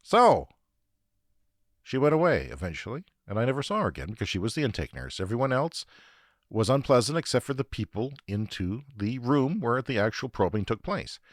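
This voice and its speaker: Canadian male podcast host, comic monologue, swears freely, lively pitch, dry sound. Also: brisk, dry recording. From Saskatchewan, Canada. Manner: profane, ranting, self-deprecating. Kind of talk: comedic storytelling monologue.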